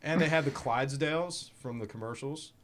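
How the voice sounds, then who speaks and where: Man, from Michigan, podcast host, casual banter, laughs a lot, swears, mid pitch. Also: fairly quick, a little hiss or hum. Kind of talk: casual chat.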